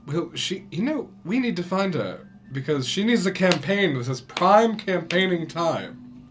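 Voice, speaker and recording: A man in a tabletop game session, chatting as a player with a somewhat high, lively voice that bounces around. He jokes with the table in casual banter. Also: unhurried, background noise.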